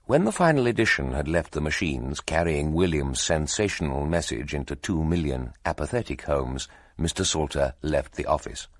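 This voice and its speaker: A man narrating an audiobook in a measured, expressive storytelling manner. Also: rumbling low, no room sound, clean studio sound. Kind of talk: scripted narration.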